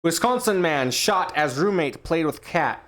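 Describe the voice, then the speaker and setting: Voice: medium pitch, animated, a little slow, fairly bright tone. A podcast co-host reading news headlines aloud in a casual, profane, joking chat. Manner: playful, profane, acts out scenes in funny voices.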